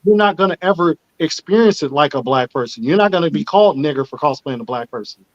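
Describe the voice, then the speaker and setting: A man's voice: on the high side, lively intonation, quick pace. A man hosting a casual panel discussion, speaking earnestly and with emphasis. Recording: muffled lo-fi audio.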